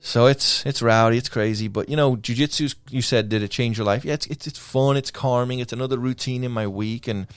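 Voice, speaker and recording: A man with a Liverpool accent, talking as a podcast guest. He tells stories with energy and voices the people in them. His pitch sits in the middle range, and the sound is dry and close. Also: a little fast, few pauses, smooth, no echo, faint music behind. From England. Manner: lively storyteller who acts out quoted lines. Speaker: guest, pro skater. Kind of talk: casual podcast conversation.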